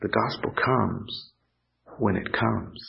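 A man preaching a sermon, earnest and pausing, lifting his voice when he quotes scripture. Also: fairly low pitch, vocal fry. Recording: dull lo-fi sound.

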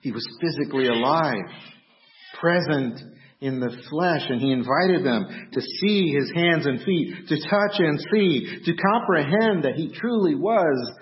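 A man preaching a sermon, telling the story with animation and acting out startled shouts. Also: on the high side, expressive, measured pace, highs cut off, a little hiss or hum. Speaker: pastor.

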